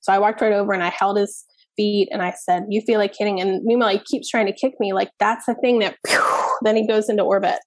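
A woman speaking as a parenting expert guest in a candid interview, animated and blunt, swearing casually. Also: medium pitch, quick pace, no room sound.

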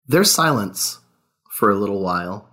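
A man's voice: fairly low pitch, expressive, normal speed, pushed and bright. A man narrating a tabletop game as game master, in a laid-back way, asking the players questions.

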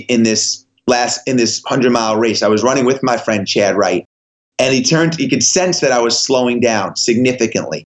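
A man being interviewed, telling a story with energy and acting out the other voices in it. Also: medium pitch. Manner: animated, acts out dialogue in voices. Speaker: guest. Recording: slightly dull lo-fi audio.

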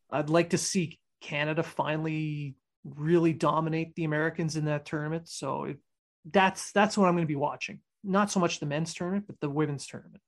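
A man co-hosting a hockey podcast, talking casually and haltingly with fillers. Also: on the high side. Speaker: podcast co-host. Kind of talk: casual sports chat.

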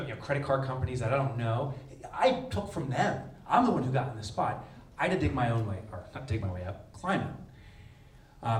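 A man giving a conference keynote, telling a personal story with strong emotion and a voice that jumps high on punchlines. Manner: emotional storytelling, pitch rising sharply on punchlines. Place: large conference hall. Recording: echoey hall, distant mic, faint rumble.

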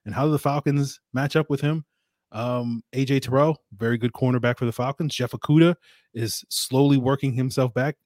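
A man's voice: medium pitch, darkish tone, dry recording, clean studio sound. A man guest on a sports podcast, talking football in a conversational way with lots of hedging. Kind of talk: casual sports analysis talk.

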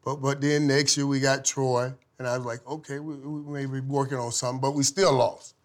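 Animated storytelling man, laughing often. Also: mid-range voice, brisk. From from Saint Thomas. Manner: animated, laughing, swings from loud to hushed. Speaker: guest, former football player. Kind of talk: casual storytelling.

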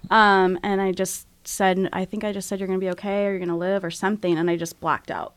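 This middle-aged woman speaks in a clear, resonant mid-range voice, fairly quickly and with hardly any pauses, on a dry recording. As an interview guest she tells a personal story candidly, animatedly acting out her own quoted thoughts.

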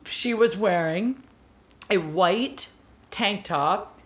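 A woman podcast host with a mid-pitched voice chats casually. She is blunt and teasing, cuts in with her own take, and swears without a second thought. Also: extremely slow.

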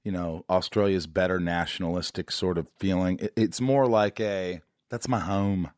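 Brief: low-voiced male host, dry close mic, jokey and loose. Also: steady tone, normal speed, a little mellow, no room sound. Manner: joking, loose and rambling. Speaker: podcast host. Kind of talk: casual interview chat.

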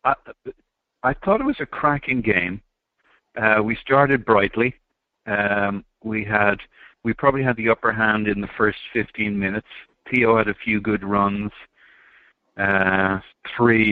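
Low-voiced hesitant man on a call line. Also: dry recording, narrow, tinny audio. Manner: hesitant, filler-heavy. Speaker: podcast regular. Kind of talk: casual podcast analysis.

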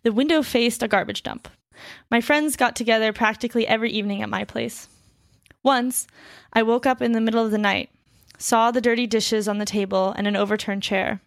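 A woman reading a translated story aloud at a steady pace, breaking off now and then to chat casually. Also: a little high, a little fast, vocal fry, no room sound, clean studio sound. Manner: reads steadily, then chats loosely with fillers and laughs. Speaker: reader of a story.

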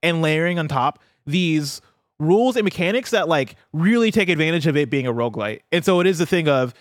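Male co-host, somewhat high voice, chatty explainer, dry studio sound. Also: fairly quick, dry recording. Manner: rambling, animated explainer. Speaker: podcast co-host. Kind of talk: casual chat.

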